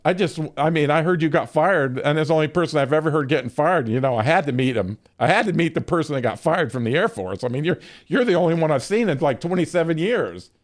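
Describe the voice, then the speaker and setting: A gruff, matter-of-fact older base commander, as a streamer quotes him in a dropped, level voice. He speaks flatly and plainly, without fuss. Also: a little high, fast talker, few pauses, close to an everyday voice. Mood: dry.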